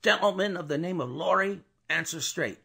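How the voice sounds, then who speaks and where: A man voicing a gruff, suspicious male coach guard who bellows his challenges. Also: high-pitched, normal speed, pitched above the performer's own voice, full character voice. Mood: threatening. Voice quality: gruff, loud, blustering.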